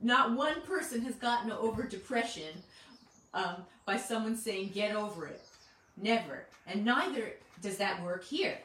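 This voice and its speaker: A woman's voice: a little high, animated, measured pace, fairly bright tone. A woman giving an earnest, conversational sermon, asking her listeners one rhetorical question after another. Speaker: Bible teacher. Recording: echoey room, mic at a distance.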